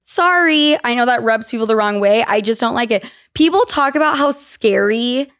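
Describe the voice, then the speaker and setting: A woman's voice: on the high side, lively intonation, moderate pace, a bit bright. A young woman hosting a podcast, chatting casually and telling stories, swearing freely and laughing as she goes. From Utah. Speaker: podcast host. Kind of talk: casual chat.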